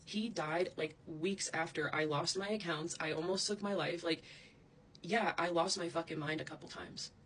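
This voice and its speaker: A woman's voice: on the low side, moderate pace, a bit bright, slight background noise, low-quality recording. A woman ranting angrily straight to camera, heated and profane, wandering off into asides. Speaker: social media creator. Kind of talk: angry direct-to-camera rant.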